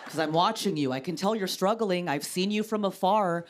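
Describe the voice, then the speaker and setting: A woman in her thirties doing a stand-up comedy set on a TV stage, wry and exasperated, acting out the people she quotes at a louder pitch. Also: normal speed, a little hiss or hum. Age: 30s. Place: television studio stage. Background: studio audience laughter.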